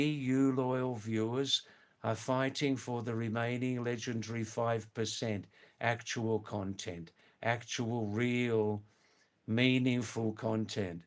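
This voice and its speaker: An older man from England, hosting a live stream, chatting casually with viewers in a slow, rambling way full of hesitant fillers. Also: medium pitch. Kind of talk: casual live chat reading viewer comments.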